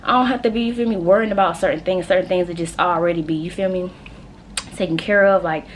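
A woman's voice: fairly low pitch, a little hiss or hum. A young adult woman, a college student chatting casually and rambling straight to her viewers from her room at night. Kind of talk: casual vlog chat.

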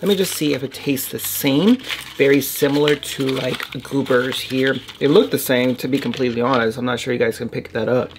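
Low-voiced woman chatting between bites. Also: fairly even intonation, fairly quick. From United States. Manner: chatty, talks while chewing, lots of mm sounds. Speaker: vlogger. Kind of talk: casual snack unboxing and tasting chat. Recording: noisy with wrapper crinkling.

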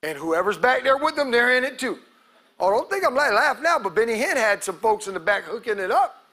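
Man, pastor, sermon, bright tense tone, lively pitch, congregation call-outs, church. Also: a little fast. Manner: preaching with call-outs to the congregation, acts out quotes; loud shouted peaks. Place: church sanctuary.

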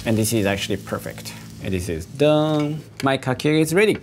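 A man, a professional chef, calmly talking through each step as he cooks. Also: medium pitch, normal speed, noisy background. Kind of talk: casual cooking narration. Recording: faint music in the background.

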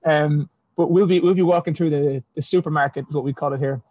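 This guest writes and self-publishes fantasy novels, and his voice sits on the high side, steady, fast, and a little mellow with no room sound. The casual video-call interview has dull, lo-fi audio, and he's self-deprecating and quick to laugh.

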